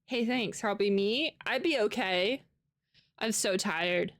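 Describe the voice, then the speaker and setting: An American woman livestreamer speaks in a mid-range voice at a slow pace. She chats casually with her live viewers, rambling and laughing often.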